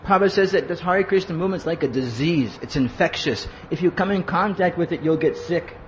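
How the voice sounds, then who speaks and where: Speaking briskly in a fairly high voice, this preacher delivers a sermon of personal stories in a conversational way, acting out quotes and frequently asking "huh?". The recording is lo-fi and roomy, made in a hall, with an audible hum.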